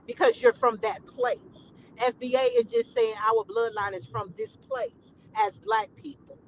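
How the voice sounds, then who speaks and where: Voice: medium pitch, big pitch swings, measured pace, muffled recording, slight background noise. A live stream co-host in casual political talk, explaining through examples and pressing a point.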